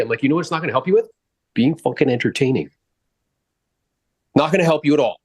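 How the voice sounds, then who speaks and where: A man coaching a real estate agent after a live role-play call, animated and blunt, often swearing and acting out quotes in exaggerated voices. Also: medium pitch, fast, no echo.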